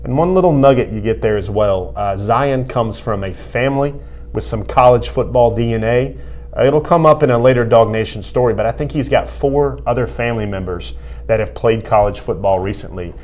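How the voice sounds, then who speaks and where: A man's voice: medium pitch, a little fast, a little mellow. A man who reports on college football recruiting, explaining his views in a thoughtful way with frequent fillers. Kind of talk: sports talk analysis.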